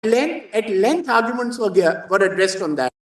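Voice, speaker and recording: A man's voice: high voice, animated, moderate pace. A man with an Indian English accent arguing before the bench as an advocate, formal and insistent, addressing the judges as my lords. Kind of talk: courtroom argument. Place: courtroom. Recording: roomy, far from the mic.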